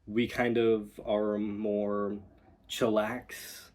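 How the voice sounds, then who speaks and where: Guy coaching dialect, low kinda husky voice, talks real slow, repeats example words. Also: flat delivery, a little mellow. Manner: unhurried and explanatory, demonstrating sounds by repeating words. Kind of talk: recorded instructional walkthrough.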